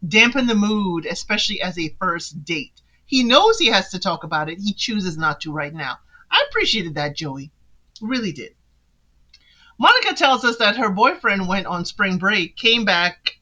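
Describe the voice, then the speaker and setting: Woman, casual recap host, sassy, animated pitch, bright tone. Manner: sassy, talks straight to the people she discusses.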